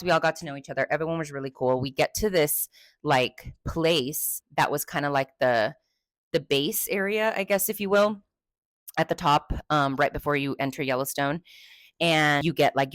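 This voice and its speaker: A woman's voice: sits low, fairly bright tone, no echo, clean studio sound. A young woman from Texas, hosting a podcast and telling a story casually, chatty and swearing freely with many fillers. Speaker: podcast host.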